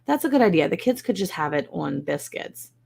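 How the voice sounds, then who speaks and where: A woman chats casually on a live stream from her home, wry and self-mocking. Her voice sits low with a gravelly fry, and she talks in loose, rambling asides. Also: very animated, fairly quick, a little mellow. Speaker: host of a live ranch stream. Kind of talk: casual live-stream chat reading comments. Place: indoors at home.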